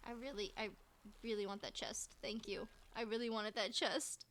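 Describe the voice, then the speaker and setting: A woman's voice: a little high, steady tone, normal speed, a bit bright, a little hiss or hum. A woman streaming a video game, chatting casually and playfully repeating herself as she plays. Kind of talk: casual gameplay commentary.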